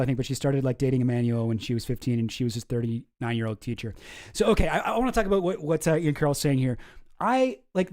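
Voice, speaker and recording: This streamer host's voice is slightly high but soft and mellow. Running a loose commentary stream, he rambles from point to point, swearing often and making fun of himself along the way.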